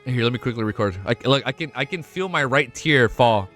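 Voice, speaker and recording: A man reading a webnovel aloud and reacting casually, swearing often and breaking into excited outbursts. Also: mid-range voice, brisk, soft background music. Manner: swears a lot, excitable outbursts between read passages.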